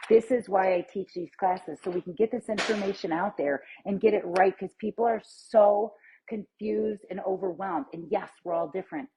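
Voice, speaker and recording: A woman's voice: mid-range voice, fairly even intonation, normal speed, dark tone, slight background noise. A middle-aged woman giving a chatty, upbeat pep talk as a nutrition coach on a live stream. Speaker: plant-based nutrition coach. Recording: dull lo-fi live stream audio.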